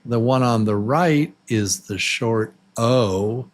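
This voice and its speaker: Man, English teacher, beginner lesson, very slow delivery, drawn-out words, medium pitch. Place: Los Angeles.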